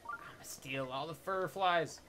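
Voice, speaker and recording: A man's voice: fairly high pitch, normal speed, background noise. A young man giving casual, joking commentary over his game playthrough, sarcastic and profane. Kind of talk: casual let's-play commentary.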